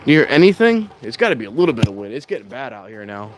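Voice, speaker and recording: A man's voice: medium pitch, sing-song, quick pace. A man vlogging in a casual, rambling way outdoors at a train station in strong wind, talking into a clip-on mic plugged into his phone and now and then raising his voice. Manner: rambling, chatty, self-correcting, sometimes raises his voice. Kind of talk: casual rambling vlog chat. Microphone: clip-on mic plugged into a handheld phone.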